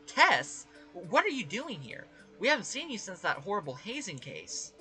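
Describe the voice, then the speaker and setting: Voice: mid-range voice, wildly swooping pitch, normal speed, over music. A gamer reading game dialogue aloud, voicing a chatty, eager male police officer who talks to his partner.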